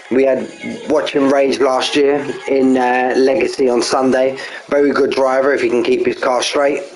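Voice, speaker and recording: A man's voice: mid-range voice, poor audio. Chatty Cockney man hosting a race stream. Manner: chatty, matey, greets viewers by name. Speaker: sim-racing league stream host. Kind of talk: casual live-stream race commentary.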